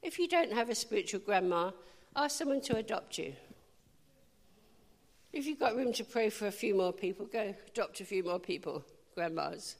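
A woman's voice: medium pitch, lively intonation, moderate pace. Woman preaching in a reverberant hall. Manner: humorous and chatty, with emphatic declarations. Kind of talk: informal sermon.

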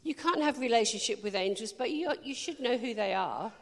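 A woman with a fairly high voice preaches a sermon full of anecdotes. Her delivery is lively, with quick asides to the listeners. Her voice carries with a long reverb through a large meeting hall.

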